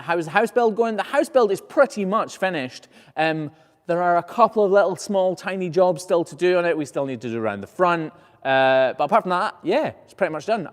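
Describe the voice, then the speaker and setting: Easygoing man answering viewer questions, reverberant. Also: on the high side. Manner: chatty and easygoing, frequent "uh" before each question, self-correcting restarts. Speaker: professional hoof trimmer and channel host. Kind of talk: casual live Q&A, reading viewer questions aloud.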